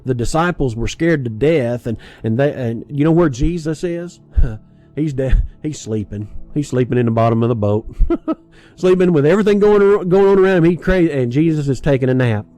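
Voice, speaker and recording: Mellow-voiced man preaching casually. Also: on the high side, lively intonation, moderate pace, soft background music. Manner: conversational, chuckling, with many restarts and asides. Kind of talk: sermon.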